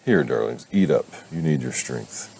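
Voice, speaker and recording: A man's voice: very deep voice, animated, normal speed, gravelly, darkish tone, a little hiss or hum, full character voice. A man voicing a motherly older woman with a put-on Southern US accent, sweet but firm as she fusses over everyone. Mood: doting.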